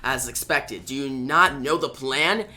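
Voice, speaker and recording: A man reading out a calm, stern superhero's lines, a bit lower and quieter than his narration. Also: unhurried, soft background music. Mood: grave.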